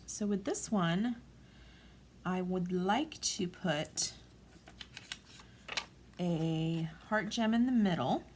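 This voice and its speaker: A woman in her forties talking through a craft tutorial at home in a gentle, calm, chatty way. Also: on the low side, very slow, long pauses, crowd noise. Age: 40s. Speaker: craft vlogger.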